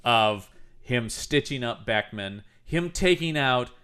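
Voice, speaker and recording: A man's voice: mid-range voice, expressive, slow, pushed and bright, clear, resonant tone. A man hosting a casual podcast, recapping an action movie with jokey asides. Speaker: podcast host.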